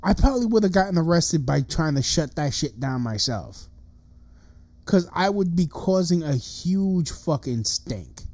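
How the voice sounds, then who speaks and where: Thirties male streamer, dark, unhurried voice, cursing and agitated in a solo rant. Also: fairly high pitch, very animated, no room sound. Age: 30s. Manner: profane, agitated ranting with many restarts. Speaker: livestream host. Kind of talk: ranting livestream monologue.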